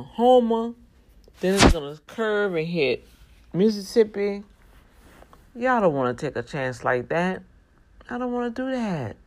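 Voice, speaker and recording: A vlogger speaks straight to regular viewers in a casual monologue. The delivery is emphatic and preachy, broken by prayerful asides. The pitch jumps high whenever a point needs hammering home. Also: darkish tone. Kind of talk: casual monologue with urgent warnings.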